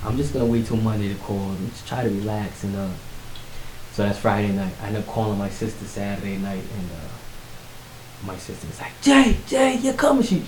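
A man casually telling his life story in conversation, animated, acting out what others said. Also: fairly quick. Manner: animated, acts out quotes with rising pitch. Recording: echoey room with faint hiss.

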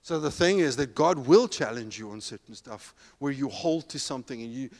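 A man preaching a sermon, telling stories animatedly and acting out the dialogue with bursts of shouting. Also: mid-range voice, expressive, moderate pace. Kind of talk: sermon storytelling. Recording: long hall reverb.

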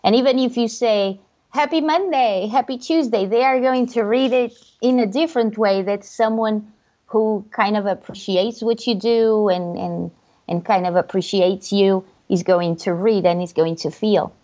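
A woman in casual chat, talking in an animated way and acting out different tones of voice. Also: medium pitch, normal speed, highs cut off.

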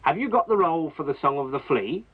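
A man voicing a patient, wise old toad in a 1970s stop-motion show, explaining things gently. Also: fairly high pitch, lively intonation, fairly quick, heavy background noise, natural voice. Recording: dull lo-fi 1970s TV sound.

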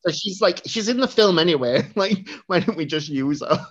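A podcast co-host with a mid-range, expressive voice chats casually about a film at a normal speed, rambling and using lots of fillers. The recording sounds dull and lo-fi.

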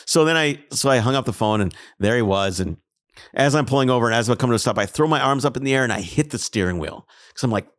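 A man from Minnesota telling a road-trip story in casual chat, acting out the people in it. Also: fast talker. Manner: animated, acts out voices in his stories, pitch jumps way up for punchlines.

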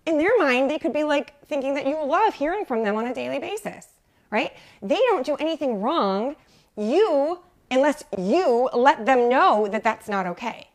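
A woman's voice: high voice, expressive, moderate pace. A woman hosting a live coaching talk for mothers, chatty, often asking "right?" and greeting viewers by name. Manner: chatty, keeps asking "right?" and uses lots of "like". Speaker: mom life coach hosting a live show.

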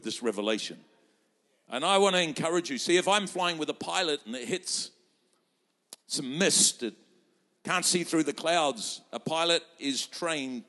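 A man's voice: mid-range voice, fairly bright tone. A man preaching a sermon as pastor, fervent and rousing, quoting scripture and acting out voices for the crowd. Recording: reverberant hall.

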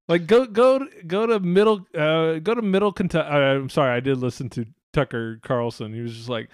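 A man's voice: a little high, moderate pace, dry recording, studio quality. Profane rambling podcast host, man. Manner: rambling, profane, laughs often. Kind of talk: casual chat.

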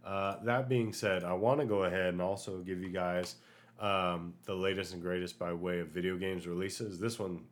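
A man hosting a solo podcast, chatting casually and ranting in an animated way, with many fillers, while getting over an illness. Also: sits low, moderate pace. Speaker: podcast host.

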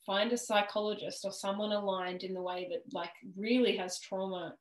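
A woman guest on a podcast, telling her personal story in a casual, animated way and laughing now and then. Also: mid-range voice, normal speed. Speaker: podcast guest, worthiness coach. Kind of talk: casual interview chat. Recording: roomy echo.

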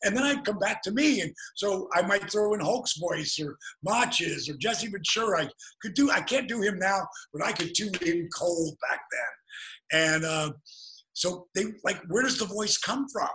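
A man telling animated stories as an interview guest, with quick restarts. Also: high voice, low-quality recording. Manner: animated, fast-moving storyteller with restarts. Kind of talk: interview storytelling.

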